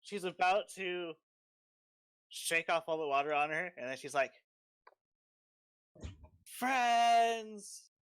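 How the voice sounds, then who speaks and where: A man runs a tabletop game with casual, filler-heavy narration. His voice is slightly high, smooth and crisp, and it sounds dry and close to the mic. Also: normal speed, bright, forceful tone, no room sound. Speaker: game master.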